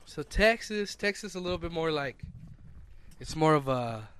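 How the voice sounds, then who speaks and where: A man's voice: on the high side, expressive, moderate pace, a bit bright, smooth. A young man hosting a podcast in casual chat, laid-back, trailing off and restarting his sentences. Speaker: podcast host.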